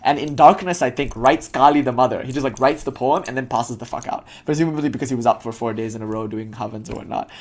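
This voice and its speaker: A young man giving an informal, irreverent lecture on spiritual history, casual and profane, acting out quotes as he tells stories. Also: medium pitch. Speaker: spiritual teacher.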